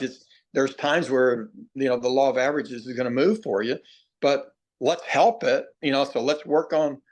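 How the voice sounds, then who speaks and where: Middle-aged man, hitting coach, folksy storyteller, plainspoken, mid-pitched voice. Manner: folksy storyteller, acts out quoted players; plainspoken, repeats himself, drawn-out emphasis. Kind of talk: podcast interview.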